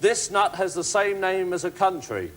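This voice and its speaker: In a 1980s TV studio full of loud audience noise, a man hosts a family game show, chatting, teasing and staying upbeat with young contestants. His voice sits high, with lively intonation and a normal speed.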